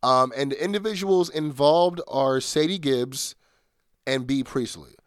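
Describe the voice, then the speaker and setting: A man's voice: mid-range voice, measured pace, clear, resonant tone, no room sound, studio quality. A man hosting a solo podcast, chatting casually with lots of fillers and restarts. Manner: rambling, many fillers and restarts. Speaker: podcast host.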